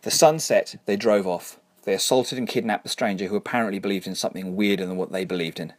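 A man narrating a story in a dry, wry, measured way. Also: fairly low pitch, dry recording. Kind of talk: scripted narration.

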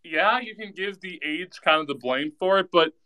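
A man joining a casual online chat, talking in an animated way with a laugh in his voice. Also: high-pitched, normal speed, low-quality recording. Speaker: participant.

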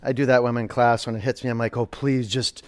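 A man's voice: mid-range voice, little pitch movement, racing. A man in his forties teaching a live yoga class, giving cues and counts with chatty, joking asides. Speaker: yoga instructor.

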